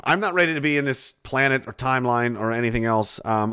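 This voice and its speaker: A man's voice: mid-range voice, brisk, few pauses, sharp tone, clear, resonant tone. A male podcast host chatting casually on a livestream, sarcastic and profane, often laughing at his own jokes.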